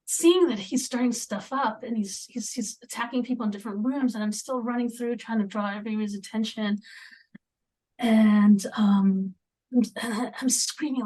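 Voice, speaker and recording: A woman speaking as a podcast guest in a conversational interview, halting, with many fillers and restarts. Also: a little high, mellow. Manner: drops into near-whispers at times.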